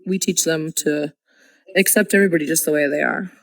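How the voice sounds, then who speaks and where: A woman's voice: sits low, fairly even intonation, dry recording. Woman co-host chiming in, dry sound. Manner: chimes in with quick remarks and laughs along. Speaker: podcast co-host. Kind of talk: casual chat.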